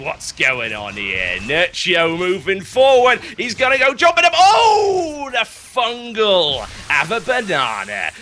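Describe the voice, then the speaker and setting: A man's voice: fairly high pitch, full character voice. A man doing a cheeky Cockney geezer. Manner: excitable, cheeky, shouting encouragement.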